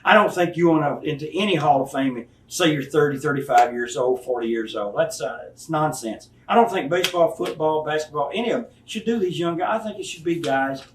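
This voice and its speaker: A man in his fifties, a retired wrestler giving a candid interview, blunt and profane, acting out the people he talks about. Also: on the high side. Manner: blunt, profane storytelling, acts out quoted people. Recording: echoey room, mic at a distance, faint hiss.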